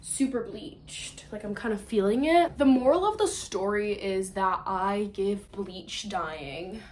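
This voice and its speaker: A woman's voice: medium pitch, takes it slowly, a little mellow. A young woman chatting casually in a home vlog, rambling and poking fun at herself. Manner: chatty, self-mocking, rambling. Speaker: YouTuber.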